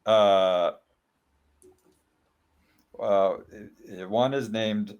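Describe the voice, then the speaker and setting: A man's voice: on the low side, fairly even intonation, drawn-out words, darkish tone, clear, resonant tone. A man playing a tabletop role-playing game, speaking hesitantly with lots of fillers. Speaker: player. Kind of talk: tabletop role-play chat.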